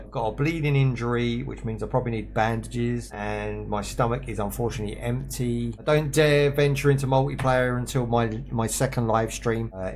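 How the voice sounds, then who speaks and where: A young man talks casually over his gameplay, joking and answering chat as he goes. His voice sits at an ordinary middle pitch. A faint noise hums under the recording. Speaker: streamer playing a survival game.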